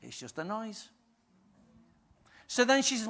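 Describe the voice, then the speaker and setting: A middle-aged man preaching a sermon as pastor, telling stories lively and swinging from hushed asides to loud bursts. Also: high voice, measured pace.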